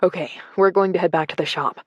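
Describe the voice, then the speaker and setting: A woman reading the part of a teasing, car-proud young man in an audiobook, in a relaxed, easygoing manner. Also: fairly low pitch, fast talker, no room sound, lo-fi sound, close to an everyday voice. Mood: anxious. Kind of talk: audiobook character dialogue.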